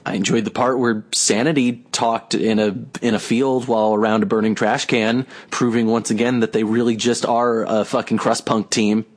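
A man's voice: lowish voice, little pitch movement, moderate pace, few pauses. A man co-hosting a casual podcast, talking in a sarcastic, rambling way. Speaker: podcast co-host. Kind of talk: casual wrestling chat.

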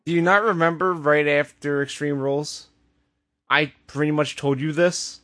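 A man's voice: on the high side, fairly even intonation, normal speed, fairly bright tone, no echo. A man co-hosting a podcast in casual chat, explaining at length and laughing easily. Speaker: podcast co-host.

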